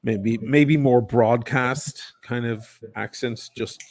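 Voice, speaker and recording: A middle-aged man from Dublin with a mild Irish accent softened by years in America, telling stories in casual chat, swearing freely and mimicking accents. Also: mid-range voice, steady tone, slow. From Ireland.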